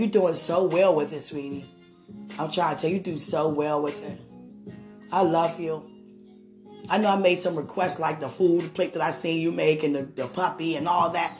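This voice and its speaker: Woman, emotional monologue, rambling and tender, keeps asking if he understands, sitting on a bed, soft guitar in the background. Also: on the low side. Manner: rambling, affectionate, often asks "you understand?". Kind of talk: emotional monologue to a loved one.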